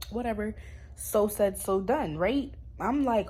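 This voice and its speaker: A woman's voice: mid-range voice, unhurried, dark tone, slight background noise. A young woman in a casual storytime vlog, talking bluntly in slang and swearing freely. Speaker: YouTube storyteller.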